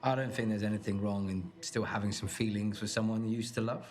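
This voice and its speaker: A man's voice: lowish voice, steady tone, a little mellow, slight background noise, lightly acted. Man playing a dry, teasing guy. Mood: wry. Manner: dry, teasing, quick comebacks. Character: cocky young man on a date.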